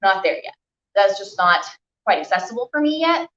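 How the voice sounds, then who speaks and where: A woman's voice: mid-range voice, sing-song, normal speed, a bit bright, a little hiss or hum. A young woman teaching a stretching class, chatty and encouraging, a little out of breath as she holds the stretches. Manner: chatty, encouraging, filler-heavy. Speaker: stretching instructor. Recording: echoey room, dull lo-fi sound.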